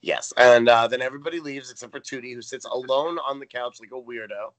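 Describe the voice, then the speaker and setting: A man's voice: medium pitch, brisk. A man co-hosting a podcast, recapping a TV episode in casual chat with dry, wry remarks. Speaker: podcast co-host.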